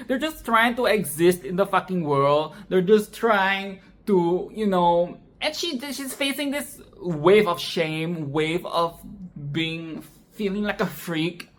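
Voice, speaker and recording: Profane, expressive woman reviewing a film. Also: lowish voice, moderate pace. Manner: expressive, profane, repeats phrases for emphasis. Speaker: film commentator. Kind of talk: casual film commentary.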